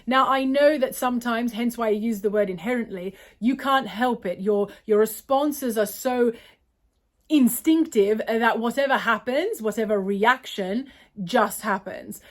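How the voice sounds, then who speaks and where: Australian woman vlogger, slightly high pitch, chatty and self-correcting, apologizes often. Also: a little slow. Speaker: vlogger answering viewer questions. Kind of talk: casual Q&A monologue.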